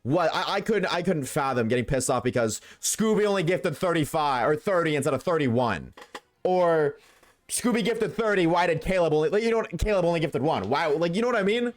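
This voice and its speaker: A fairly high-pitched man, animated and brisk, streams a game and talks with his viewers as he plays. It's a casual rant to live chat, blunt and full of free swearing.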